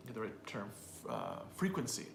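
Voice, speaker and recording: Male co-host, middle pitch, loose rambling explainer, roomy echo. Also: wildly swooping pitch, normal speed, gravelly, a little hiss or hum. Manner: rambling, restarts, playful demonstrations of voices. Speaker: co-host, English teacher. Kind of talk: casual explanatory chat. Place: room with a piano. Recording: echoey room, faint ambience.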